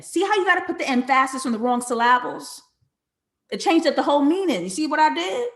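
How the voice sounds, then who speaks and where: A woman hosts a live streamed breakdown of a series, thinking out loud and answering her chat as she goes. Her voice sits a little high, and she delivers it in an animated, conversational way. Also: fairly quick. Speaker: live show host reading chat comments. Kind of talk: casual live-stream commentary.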